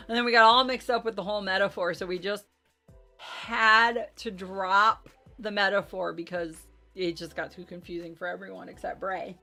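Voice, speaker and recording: A woman hosting a casual recap of a tabletop game, talking in a chatty, rambling way. She keeps apologizing for her own slips and pads her talk with fillers. Faint music plays quietly under her voice. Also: medium pitch, normal speed. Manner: chatty, self-deprecating, rambling with many fillers. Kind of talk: casual chat.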